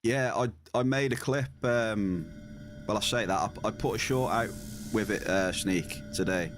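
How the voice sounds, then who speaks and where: A man's voice: lowish voice, measured pace, music in the background. A man streaming a game, chatting casually with viewers and often repeating his words as he plays.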